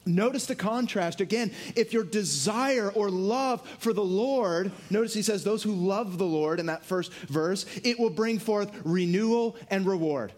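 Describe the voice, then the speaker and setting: A man preaching a sermon, lively and earnest, dropping his voice low for emphasis and acting out quotes. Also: measured pace, hardly any pauses. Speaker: pastor.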